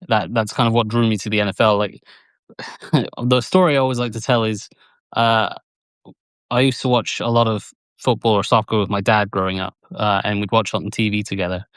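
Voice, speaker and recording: Male guest analyst, low smooth voice, measured and methodical, dry close recording. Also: fairly bright tone, no room sound. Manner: measured, analytical, lots of fillers. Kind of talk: casual sports chat.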